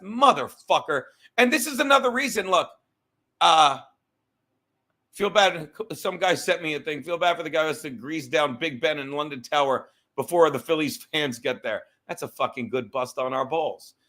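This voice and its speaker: Livestream host, male, high and bright, profane rambling rant, easily sidetracked. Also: normal speed.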